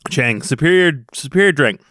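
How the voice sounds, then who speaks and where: A man's voice: on the high side, expressive, moderate pace, pushed and bright, dry recording, studio quality, faint music behind. A man co-hosting a casual podcast, joking and laughing often as he tells stories. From USA. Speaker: podcast co-host. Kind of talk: casual chat.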